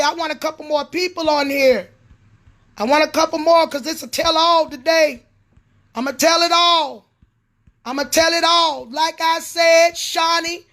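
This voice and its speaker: A middle-aged woman, a prophetess and pastor, ranting angrily on a livestream, swearing and repeating herself. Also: extremely high pitch. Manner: furious, repetitive, swearing, sometimes shouting. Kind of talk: angry livestream rant.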